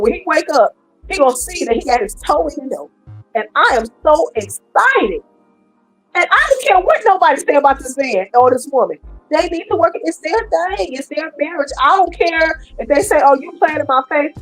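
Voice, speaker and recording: Middle-aged woman, high voice, live-stream host talking to her chat, faint music under her. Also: fairly quick, poor audio. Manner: animated, talks to her viewers. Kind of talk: casual live-stream commentary.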